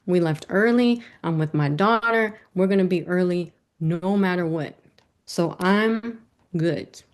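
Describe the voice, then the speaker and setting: Lively woman telling a personal story. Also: fairly low pitch, a little slow. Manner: lively, self-mocking, acts out quoted voices. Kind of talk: personal story told to a virtual audience.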